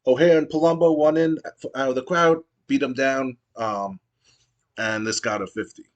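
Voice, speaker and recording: A man's voice: mid-range voice, steady tone, moderate pace, highs cut off. A man casually narrating a wrestling sim playthrough with many fillers and restarts. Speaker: gamer playing a wrestling sim. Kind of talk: casual let's-play narration.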